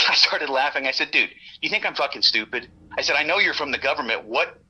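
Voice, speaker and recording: A man telling a story as a guest, lively and profane, laughing often and acting out what the others said. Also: medium pitch, poor audio. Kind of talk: animated storytelling.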